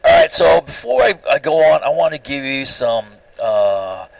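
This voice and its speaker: A man's voice: medium pitch, big pitch swings, moderate pace, vocal fry, no room sound, poor audio. A man giving an opinionated recorded lecture over slides, often restarting phrases and checking in with "right?".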